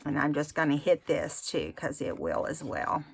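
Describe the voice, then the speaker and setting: A woman's voice: low voice, sing-song, vocal fry, breathy edge. A woman hosting a craft tutorial, talking casually and rambling as she demonstrates. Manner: chatty, rambling, self-admittedly unhurried.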